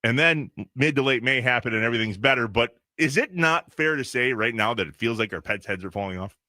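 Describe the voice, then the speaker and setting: A man co-hosting a sports radio show, ranting in quick bursts in a casual talk style. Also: mid-range voice, sharp tone, no room sound, studio quality. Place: radio studio. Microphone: studio microphone.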